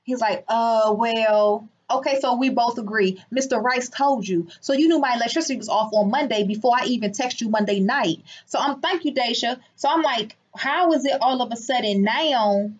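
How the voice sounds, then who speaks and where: A woman telling a story in a casual vlog from her clinic, indignant and animated, acting out the people she quotes. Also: fairly high pitch, moderate pace, hardly any pauses. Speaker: business owner and healer. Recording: muffled lo-fi sound.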